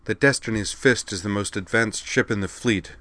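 A man's voice: fairly low pitch, moderate pace, fairly bright tone, no room sound, close to an everyday voice. A man voicing a proud, scheming princess who barks orders in a sci-fi audiobook. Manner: barking commands, proud. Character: imperious haughty princess, woman, scheming.

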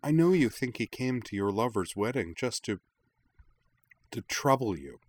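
A man voicing a frightened young woman in pain, speaking in a hushed, strained way. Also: mid-range voice, sing-song, normal speed, pitched above the performer's own voice. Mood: urgent. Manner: hushed, strained, breaking into pained cries. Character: frightened pained young woman warning a friend.

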